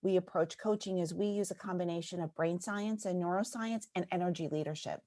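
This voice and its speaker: A woman's voice: on the low side, fairly quick, mellow. Earnest woman coach, guest on a podcast. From New York. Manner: earnest, repeats "right?" often. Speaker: guest, business and life coach. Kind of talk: casual podcast interview.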